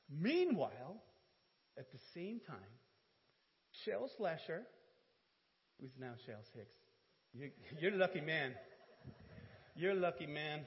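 High-pitched guy preaching, animated funny storytelling, big churchy reverb, kinda muffled sound. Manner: animated, acts out dialogue with humor. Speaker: pastor. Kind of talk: sermon storytelling. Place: church sanctuary. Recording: dull, reverberant church audio.

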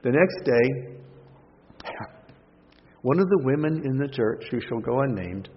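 A man preaching a sermon in a church, telling stories with animated, self-mocking humor. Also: medium pitch, measured pace. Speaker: pastor. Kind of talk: sermon storytelling. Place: church auditorium. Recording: long reverb, dull lo-fi sound.

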